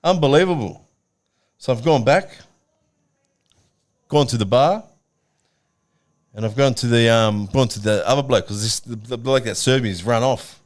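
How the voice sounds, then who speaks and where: A man with an Australian accent telling a pub story in casual chat, blunt and swearing, with lots of animated storytelling. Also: mid-range voice, moderate pace, pauses often. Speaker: podcast co-host.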